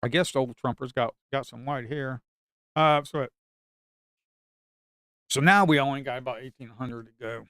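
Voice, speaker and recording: Male trader streaming live, mutters, repeats himself, curses; smooth, close, dry sound. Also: medium pitch, moderate pace, pauses often, a bit bright, dry recording. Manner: talks to himself and viewers, repeats phrases, swears. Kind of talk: live trading commentary.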